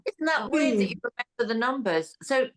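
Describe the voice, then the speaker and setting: An expressive woman co-hosting a talk show, asking her co-hosts questions. Her high voice rises and falls widely. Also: normal speed. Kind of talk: casual chat.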